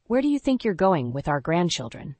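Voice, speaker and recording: A woman's voice: lowish voice, big pitch swings, brisk, darkish tone, dry recording. A woman voicing an indignant, possessive older mother-in-law in a narrated story.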